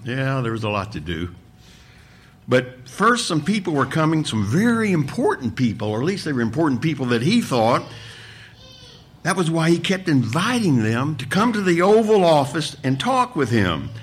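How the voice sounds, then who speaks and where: A man, a pastor, reading a story aloud with expressive delivery during a sermon. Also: on the high side, normal speed, breathy edge. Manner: expressive storytelling, voices the characters.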